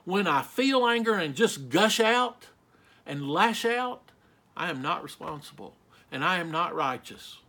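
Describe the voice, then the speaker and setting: Slow, emphatic preaching man, high voice. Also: lively intonation, bright, forceful tone. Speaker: pastor. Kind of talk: sermon.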